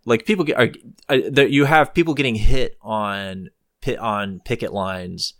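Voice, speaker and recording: A man hosts a podcast, thinking out loud in a rambling, hesitant flow full of ums and restarts. His voice sits fairly low. The sound is close and dry. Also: unhurried, dry recording. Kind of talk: casual chat.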